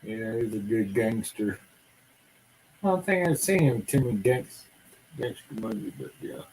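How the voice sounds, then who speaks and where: A man's voice: medium pitch, lively intonation, measured pace, a little mellow, a little hiss or hum, poor audio. A man hosting a livestream, chatting and joking in a folksy way. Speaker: livestream host. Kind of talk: casual chat.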